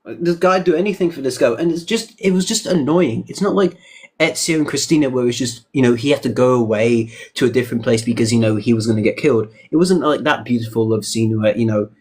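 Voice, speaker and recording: A man's voice: medium pitch, fairly quick, darkish tone, husky. A man in casual podcast chat, opinionated and emphatic, with frequent "you know" asides. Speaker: podcast co-host.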